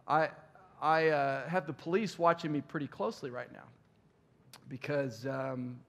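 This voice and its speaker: A man's voice: fairly high pitch, steady tone, a little slow, fairly bright tone. A man retelling a wary young woman's words. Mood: matter-of-fact. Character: wary young woman telling a hard story.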